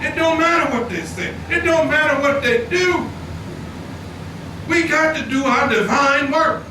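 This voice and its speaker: A man's voice: very high voice, animated, measured pace. A man preaching a fervent, repetitive sermon in a temple hall, driving his points home with rising emphasis. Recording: echoey hall, distant mic, noisy.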